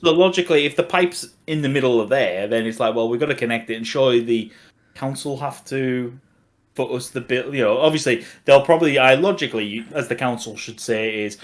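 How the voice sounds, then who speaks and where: A man's voice: medium pitch, brisk. Rambling middle-aged Australian man. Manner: rambling, laughs often. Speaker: podcast co-host. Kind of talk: casual chat.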